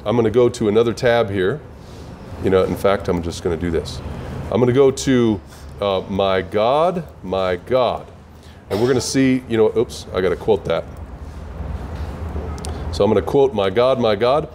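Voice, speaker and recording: A man's voice: on the low side, moderate pace, long pauses, a little mellow, slight background noise. A man teaching the Bible in an earnest way, often asking his listeners questions.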